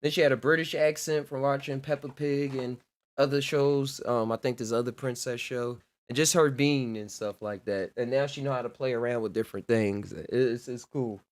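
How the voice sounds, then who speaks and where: A man's voice: mid-range voice, steady tone, moderate pace. A man hosting a podcast in loose, rambling casual conversation, laughing often and leaning on fillers. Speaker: podcast host.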